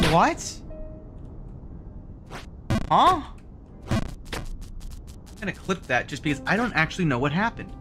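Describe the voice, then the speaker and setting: A man narrating his own gameplay on a live stream, his pitch swinging widely as he jokes at his own expense and yelps at each fall. His talk is loose and playful. Game music plays clearly behind him. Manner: joking, self-mocking, quick exclamations.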